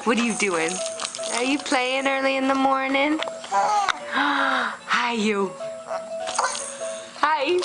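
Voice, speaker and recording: Gentle cooing woman feeding her baby. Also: sits high, lively intonation, very slow, long pauses, loud music behind the voice. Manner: gentle, questioning, cooing with gasps of delight. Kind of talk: home video baby talk.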